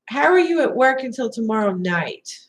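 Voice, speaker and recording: A woman's voice: fairly high pitch, big pitch swings, normal speed, poor audio. Teasing woman co-hosting a live stream. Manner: teasing, reads out chat. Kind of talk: casual live stream chat.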